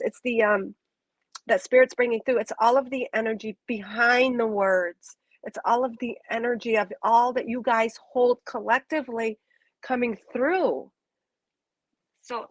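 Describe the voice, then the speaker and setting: A woman giving a live channeled spiritual reading, talking in long flowing repeated phrases with soft fillers. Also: fairly high pitch, no echo, rough recording.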